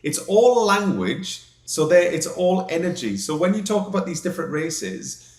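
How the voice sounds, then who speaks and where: A man co-hosts a podcast in a jokey, self-deprecating way. His pitch swings animatedly and sits a little high for a man. A roomy echo hangs around his voice. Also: sing-song, normal speed, a little mellow. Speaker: podcast co-host. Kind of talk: casual podcast chat, explaining with analogies.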